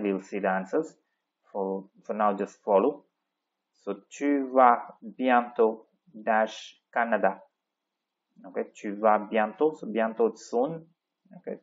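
A man's voice: fairly low pitch, muffled recording. A male French teacher explaining grammar step by step in a patient classroom manner, often checking in with the listener.

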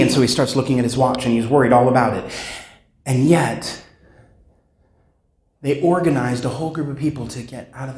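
Keynote speaker, male, slightly high voice, dramatic storyteller, echoey hall. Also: darkish tone. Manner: dramatic storyteller, acts out sounds and voices, slows for emphasis. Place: conference hall.

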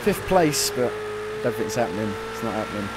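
A man doing gameplay commentary, excitable, swearing at the game and laughing at himself. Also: mid-range voice, fairly quick. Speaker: gaming video creator. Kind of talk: let's-play gameplay commentary. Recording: racing car engine noise behind. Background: car engines from the game.

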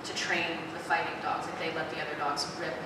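A woman's voice: deep voice, level tone, a little fast, heavy background noise. A woman author talking casually to a live audience at a book event. She is chatty and candid, uses many fillers and restarts, and gets openly emotional. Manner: openly emotional, close to tears at times. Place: large indoor event hall. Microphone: filmed from far off in the audience. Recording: distant echoey hall with loud ambience.

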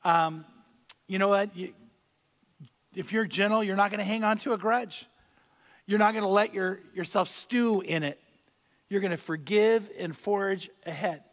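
A man delivers a sermon as pastor, his voice sitting noticeably high for a man. He talks conversationally, repeats his key lines and pushes louder to land a point. The sound carries the long ring of a large church sanctuary. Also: normal speed, long pauses, big-room sound. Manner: conversational preaching, repeats key phrases, swings louder for emphasis.

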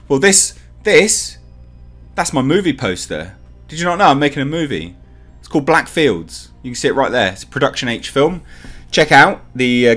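A man hosts his own film commentary channel, talking casually to camera. His voice sits at an ordinary middle pitch, and he thinks out loud in a chatty, speculative way. Faint music plays underneath. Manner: chatty, speculative, talks straight to viewers.

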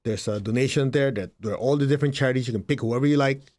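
Speaking very fast in a mid-range voice, a middle-aged man who isn't a native English speaker gives a spiritual talk as a healer. He is emphatic and repetitive, leaping energetically into quoted voices.

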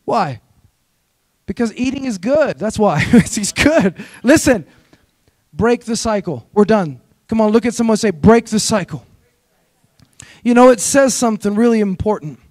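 A man with a notably high voice preaches with urgent, repetitive exhortations. He leads his listeners in call-and-response. The sound is dry and close. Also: animated, normal speed, pauses often, darkish tone, dry recording. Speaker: guest preacher. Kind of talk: sermon. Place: church sanctuary.

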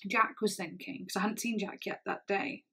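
A woman in her twenties telling a personal story on her channel, halting, with many fillers and restarts. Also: medium pitch, fairly even intonation, creaky, bright, forceful tone, slightly rough. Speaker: vlogger. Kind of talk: casual storytelling.

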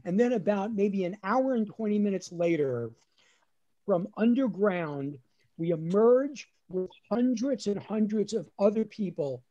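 Male comic storyteller, animated, warm mellow tone, webinar video call. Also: sits high, a little slow, lo-fi sound. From New Jersey. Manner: animated storyteller acting out his dad's voice. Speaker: lawyer and comedian. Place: at home on a webinar.

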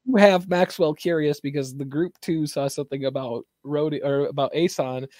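A man's voice: a little high, steady tone, moderate pace, a little mellow, no echo. A man playing in a tabletop campaign, chatting on a podcast in an earnest, rambling way. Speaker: player, podcast co-host. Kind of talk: casual podcast chat.

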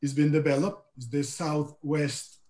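A man from Colombia with a Colombian Spanish accent, giving a careful, halting webinar presentation over a video call with many repeated words. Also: fairly high pitch, level tone, a little mellow, reverberant. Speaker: guest speaker.

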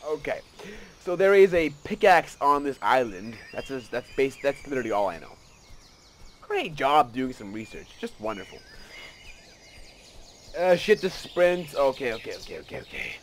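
A man giving casual let's play commentary, excitable and rambling, often gasping and joking at himself. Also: medium pitch, moderate pace, long pauses, slight background noise. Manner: excitable, rambling, gasps and self-mocking asides.

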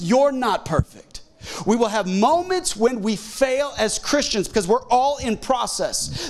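Animated high-voiced male pastor preaching. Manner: animated, acts out quotes, jokes with congregation. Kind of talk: sermon. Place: church sanctuary.

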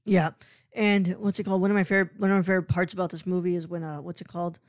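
A man's voice: sits high, very fast, no room sound, clean studio sound. A young man as a podcast guest, talking casually about a film, rambling and searching for words. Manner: rambling, repeats "what's it called", animated.

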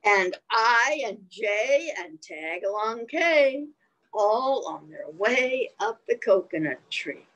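A woman's voice: medium pitch, big pitch swings, slow pace, a bit bright, poor audio. A woman reading a picture book aloud to young children in a sing-song manner, stopping often to ask them questions. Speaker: children's storyteller.

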